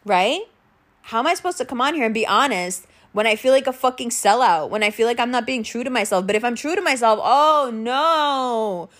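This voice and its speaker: A young woman with a high voice talks straight into the mic in a raw, confessional monologue. She swears freely and keeps circling back to her feelings. At times she speeds up in frustration, and at other times she slows right down. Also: animated, fairly bright tone. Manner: emotional, profane, confessional. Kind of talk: candid monologue.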